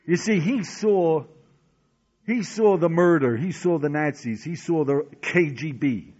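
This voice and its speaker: A man's voice: fairly high pitch, expressive, unhurried, darkish tone. A man teaching a Talmud lesson as a sermon, telling stories dramatically and asking rhetorical questions. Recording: dull lo-fi recording.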